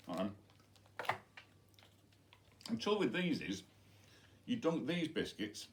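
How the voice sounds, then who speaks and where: Man, middle-aged, head teacher, playful, chatty, school video message. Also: medium pitch. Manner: playful, chatty, demonstrating with props. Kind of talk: school science week video message to pupils.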